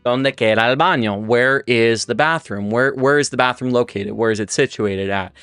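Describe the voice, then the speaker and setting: Chatty man teaching Spanish, smooth voice. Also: mid-range voice, moderate pace, a bit bright, no room sound, faint music behind. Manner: chatty, lots of restarts and fillers. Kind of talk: casual livestream lesson.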